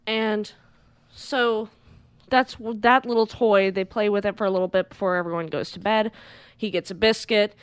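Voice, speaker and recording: Woman, podcast co-host, casual animated recap, dry close sound. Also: medium pitch, moderate pace, clear, resonant tone, dry recording. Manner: animated retelling, acts out characters, swears freely.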